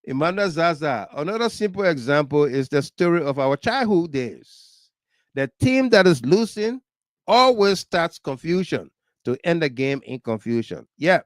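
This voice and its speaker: A man with a Liberian accent hosting a political talk livestream, animated, laughing often and reading viewer comments aloud. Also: fairly high pitch, normal speed, no room sound. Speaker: talk show host.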